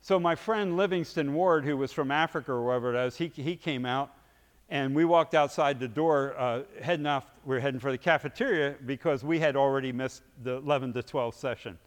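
A man preaching, telling a story vividly and acting out its scenes, his loudness swinging from hushed to booming. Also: a little fast, in a large hall. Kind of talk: sermon storytelling.

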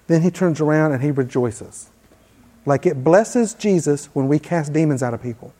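Preaching in a conversational style, this man has a high, mellow voice and keeps a moderate pace. He emphasizes the scripture he reads aloud, and the large church hall adds a long reverb.

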